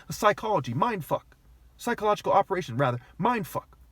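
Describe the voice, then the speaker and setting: A man's voice: sits high, big pitch swings, fast talker, a bit bright, husky, no room sound. A man talking straight to the camera in an agitated, argumentative rant, swearing heavily and sounding aggrieved. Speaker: vlogger. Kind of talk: agitated ranting monologue.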